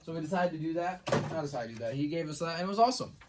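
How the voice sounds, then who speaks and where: A man chatting through a casual vlog recap in a slightly high voice. He rambles, restarts sentences and fills every pause with filler words. He sits a little back from the mic. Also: distant mic, background noise. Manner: rambling, filler-heavy, says "like" and "bro" constantly; excitable, restarts sentences often. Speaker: vlogger.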